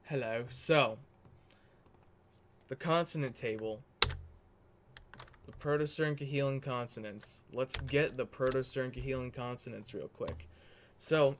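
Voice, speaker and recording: A man hosting a casual livestream, his voice at an ordinary middle pitch. He rambles, restarts and corrects himself as he talks. Keys clatter under his voice as he types. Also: slight background noise. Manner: rambling, self-correcting, chatty. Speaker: livestream host. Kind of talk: casual livestream chat while working on a document.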